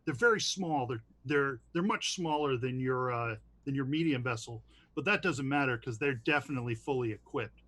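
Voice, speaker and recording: A man runs a science-fiction tabletop game, narrating scenes and calling for checks. He speaks in a halting way, with many fillers. His pitch sits in the middle range. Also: fairly bright tone. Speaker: game master.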